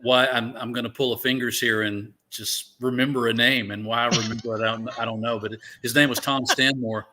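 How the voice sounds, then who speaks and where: An older man from Alabama, a veteran guest telling stories slowly, with "uh" pauses in an interview. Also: medium pitch, little pitch movement, pushed and bright, slight background noise. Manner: unhurried, drawn-out delivery with frequent "uh" pauses. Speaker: guest, veteran naval aviator. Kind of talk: relaxed storytelling interview.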